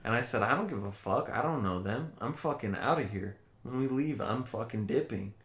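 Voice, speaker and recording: A man's voice: mid-range voice, lively intonation, brisk, a bit bright. A man co-hosting a podcast, telling a long story in casual, profane chat. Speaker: podcast co-host. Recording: roomy echo.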